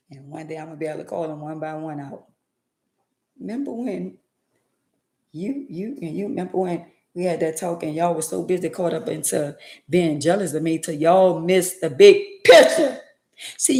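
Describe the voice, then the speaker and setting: A woman's voice: fairly low pitch, a little mellow, echoey room. A woman vlogger giving an emphatic, preachy faith-based motivational monologue with lots of repetition.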